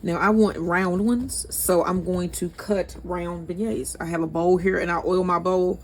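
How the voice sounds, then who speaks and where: A woman's voice: fairly low pitch, fairly even intonation, unhurried. Chatty St. Louis woman cooking. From St. Louis, USA. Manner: chatty, addresses viewers as y'all, laughs at herself. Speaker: cooking channel host. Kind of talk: casual cooking demonstration. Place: home kitchen. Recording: noisy home recording.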